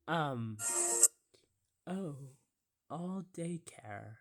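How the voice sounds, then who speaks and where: A woman with a lowish, lively voice comments on a movie she keeps pausing. She speaks slowly, reacting with groans of disgust and frequent whispered asides. The tone is casual and chatty. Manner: disgusted exclamations, often drops to a whisper. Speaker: YouTuber reacting to a film.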